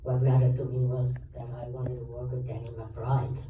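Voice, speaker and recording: A man, a guest actor at a convention panel, telling animated anecdotes and acting out quoted dialogue. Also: medium pitch, moderate pace, narrow, tinny audio, a little hiss or hum. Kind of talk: storytelling Q&A answers. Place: large convention hall. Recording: echoey hall, taped from far off.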